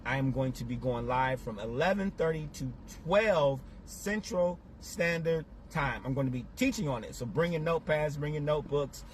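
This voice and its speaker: A man's voice: a little high, normal speed, hardly any pauses, slight background noise. A man giving a live, preachy motivational business talk, repeating his points with emphasis, from his car. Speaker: business coach.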